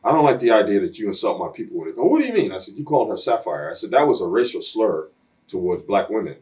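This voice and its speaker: A man's voice: on the low side, lively intonation, fast, darkish tone. A man in a sit-down interview, telling blunt, streetwise stories and acting out other people's lines as he goes. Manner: blunt, streetwise storyteller who acts out quoted voices. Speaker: interview guest. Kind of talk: shoot interview storytelling.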